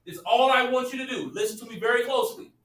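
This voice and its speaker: This male teacher has a very high-pitched, fairly bright voice and talks fast. His classroom lecture is casual and direct, with frequent checks that students are following, recorded in an echoey room where he sometimes drifts away from the mic.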